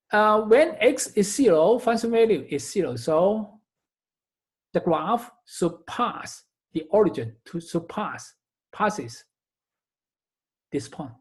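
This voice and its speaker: In a recorded math lecture, an instructor with a voice that sits high works methodically through each step. He often repeats or corrects his own phrases.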